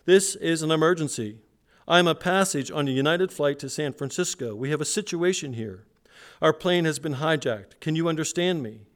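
A male preacher, his voice fairly high and expressive at a moderate pace, reads aloud the words of a frightened male airline passenger on an emergency call. He pitches it above his own voice yet close to everyday speech, with an urgent, pressed, raised delivery.

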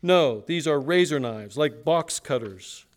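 Pushing his voice up on the high side with lively intonation, a preacher reads a little slowly as a scared male airline passenger making an emergency call. The raised reading sounds urgent and pressed.

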